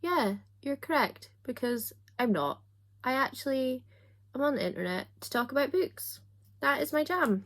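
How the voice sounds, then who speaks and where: A young woman who runs a book vlog talks to her camera in a high voice as she does her makeup. She chats in a relaxed, self-mocking way, full of quick little asides and jokes at her own expense.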